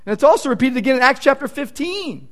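A man's voice: very high voice, expressive, quick pace, fairly bright tone. A male pastor preaching a sermon in an earnest, emphatic way, leaning on repeated points.

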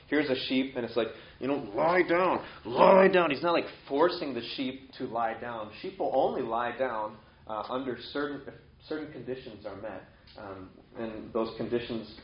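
A man preaching a casual, conversational sermon, now and then acting out animal voices. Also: mid-range voice. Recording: roomy, slightly dull sound.

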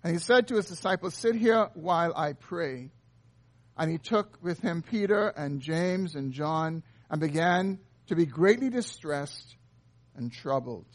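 A man's voice: on the high side, expressive, a little slow. A man preaching an earnest expository sermon, reading and explaining scripture. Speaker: pastor.

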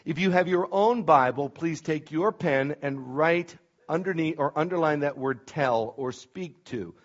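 A pastor delivers a sermon in a church. His voice sits a little high for a man, and he leans hard on key words before dropping into quiet asides. The recording is dull and lo-fi, with the top end cut away. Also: a little slow. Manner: emphatic, swings between loud stresses and quiet asides. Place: church sanctuary. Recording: dull lo-fi sound.

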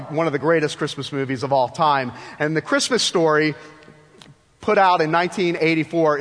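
A man with a fairly high voice preaches a lively sermon, pressing his listeners with rhetorical questions and acting out the people he quotes. His voice rings out through the long reverb of a large church hall. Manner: animated, asks the congregation rhetorical questions; tells stories, acts out quoted voices. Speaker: pastor.

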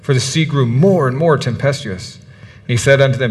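Male pastor, sermon, animated storytelling, long church reverb. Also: medium pitch, moderate pace. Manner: animated, acts out biblical characters' words. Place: church in the UAE.

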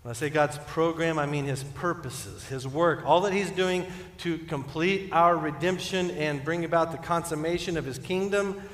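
A man delivering a sermon in a fairly high voice, earnest, building to emphatic peaks and easing back down. The sound rings through a large church hall, with a long reverb trailing each phrase. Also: normal speed. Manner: earnest preaching, rising to emphatic peaks then dropping soft. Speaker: pastor.

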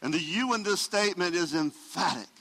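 A man preaching a sermon as pastor, emphatic, swelling loud and dropping soft. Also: fairly high pitch, expressive, normal speed, big-room sound, poor audio.

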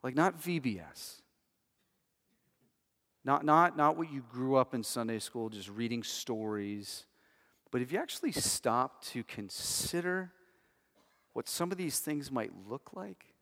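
A man's voice: medium pitch, unhurried, pauses often, fairly bright tone. A man preaching a sermon in a casual, conversational way, often restarting phrases and checking in with "right?". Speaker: pastor. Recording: long hall reverb.

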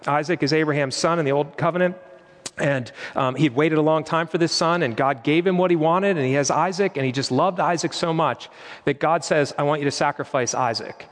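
A man's voice: a little high, brisk, long reverb tail. A man preaching a sermon in an earnest, conversational way, now and then quoting prayers aloud. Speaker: pastor.

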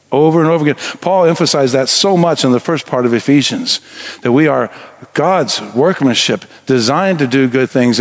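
Preaching from a church sanctuary, a middle-aged pastor starts earnest and builds to forceful exhortation, speaking in a mid-range voice.

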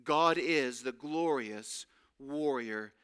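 A man's voice: medium pitch, takes it slowly, fairly bright tone, clear, resonant tone. A man preaching a sermon, earnest and emphatic, drawing out key phrases.

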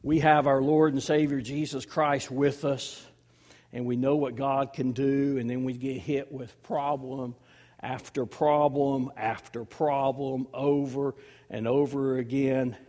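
A man in his fifties preaching a sermon as pastor, swinging between loud emphasis and hushed, near-whispered lines. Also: mid-range voice, flat delivery, unhurried. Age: 50s.

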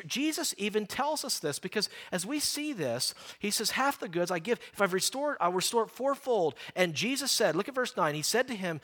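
A man preaching a sermon, lively and animated, acting out the people in the story. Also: high-pitched, moderate pace, few pauses. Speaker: pastor.

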